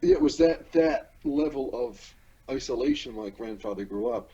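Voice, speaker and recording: A man from Newfoundland and Labrador hosting a podcast, talking in a rambling, halting way with many restarts. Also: medium pitch, wildly swooping pitch, creaky, warm tone, husky, lo-fi sound. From Newfoundland and Labrador, Canada. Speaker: podcast host. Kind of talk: casual chat.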